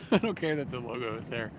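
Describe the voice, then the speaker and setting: Medium in pitch and moderate in pace, a man strolls a city near train tracks and chats with his livestream audience, reading their comments. He stays relaxed, drifts from topic to topic and chuckles frequently. Street and train noise comes through his small camera-mounted mic.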